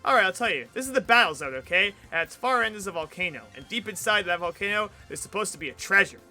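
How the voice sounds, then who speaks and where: A man's voice: sits high, lively intonation, fast, pushed and bright, faint music behind, exaggerated voice. A man voicing a cocky, boastful young male trainer from a video game.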